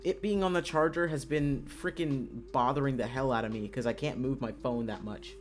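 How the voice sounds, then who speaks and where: Excitable streamer with loud outbursts. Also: mid-range voice, normal speed, music in the background. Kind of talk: casual live-stream commentary.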